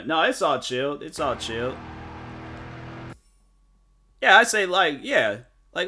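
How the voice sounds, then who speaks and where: A man's voice: fairly high pitch, very animated, slow, pauses often, bright, forceful tone, slight background noise. A man streaming and chatting casually, rambling with lots of filler words and restarted sentences. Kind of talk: casual chat on a live stream. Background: game music.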